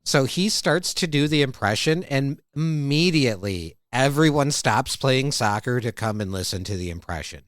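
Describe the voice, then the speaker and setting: A man's voice: mid-range voice, expressive, normal speed, few pauses, a bit bright, no echo. A man hosting a podcast, casually recapping a cartoon episode and acting out the lines. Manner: retells scenes, acting out quoted lines. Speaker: podcast host. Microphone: studio mic.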